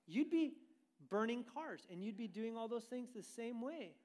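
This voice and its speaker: Guy preaching a sermon, pretty high voice, keeps asking the congregation stuff. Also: moderate pace. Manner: animated preaching, asks the congregation questions. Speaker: pastor.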